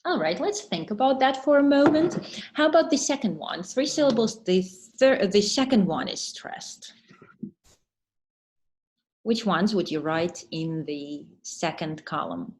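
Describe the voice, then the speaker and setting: Slow, patient woman teacher trainer. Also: mid-range voice, sing-song, darkish tone. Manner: slow, patient explaining, pausing for chat answers. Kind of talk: online webinar lesson.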